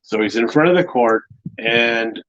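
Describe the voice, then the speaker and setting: A man's voice: medium pitch, a little slow, a bit bright, lo-fi sound. A middle-aged man co-hosting a casual chat show, telling stories in a joking, teasing way. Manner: joking storyteller. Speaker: co-host.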